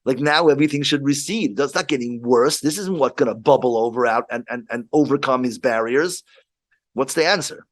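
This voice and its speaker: A rabbi telling a story in casual chat, halting with frequent restarts. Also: male voice, mid-range voice.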